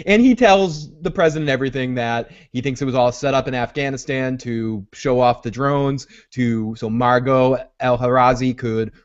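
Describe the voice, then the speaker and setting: A man's voice: mid-range voice, moderate pace, few pauses. A man hosting a podcast, rambling through a casual TV recap and acting out scenes in voices. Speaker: podcast host. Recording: dull lo-fi audio.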